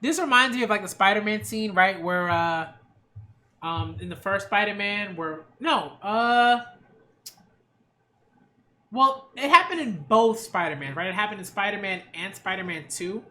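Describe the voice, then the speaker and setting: Animated, slangy anime reactor. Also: female voice, medium pitch, measured pace. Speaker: manga and anime reviewer. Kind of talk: casual reaction commentary.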